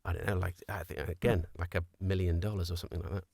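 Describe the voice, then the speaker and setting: Quick and level, this low-pitched co-host has vocal fry and a darkish tone as he wanders through a story in easygoing podcast banter, often laughing. The studio sound is dry and clean.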